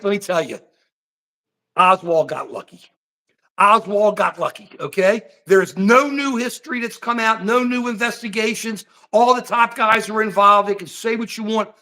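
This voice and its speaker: Animated high-voiced older man ranting. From United States. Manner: animated, rambling, addresses chat by name. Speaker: political livestream host. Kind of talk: heated political talk with chat.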